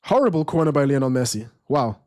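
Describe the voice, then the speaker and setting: A young man hosting a live football watchalong, reading viewer chat aloud and giving casual commentary in a relaxed, rambling way. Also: mid-range voice, quick pace. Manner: relaxed, rambling, restarts sentences.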